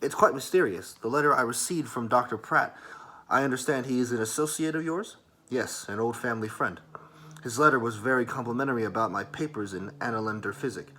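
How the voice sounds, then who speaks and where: Whispered role-play of a thoughtful, courteous young man, as a soft-spoken storyteller plays him. His speech is measured and formal, with a bright, crisp tone. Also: medium pitch.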